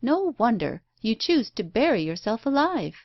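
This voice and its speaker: A woman voicing a brusque, blunt, impatient unmarried woman who talks in a sharp, scolding way. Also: fairly high pitch, big pitch swings, normal speed, no room sound, lo-fi sound, voice pushed up.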